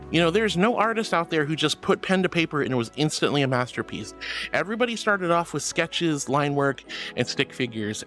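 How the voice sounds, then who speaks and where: A woman streamer chatting casually with viewers in a bubbly, giggly, affectionate way. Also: deep voice. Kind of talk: casual livestream chat.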